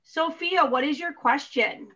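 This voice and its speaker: High, bright-voiced woman teacher. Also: a little slow. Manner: calls on students by name. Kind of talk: remote classroom Q&A. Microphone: video call. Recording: muffled video call audio.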